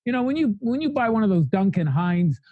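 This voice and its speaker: A man's voice: high voice, very animated, a little fast, no echo, phone-quality sound. A man telling his recovery story in a podcast interview, blunt and fiery, speaking in long spoken lists. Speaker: guest sharing recovery story.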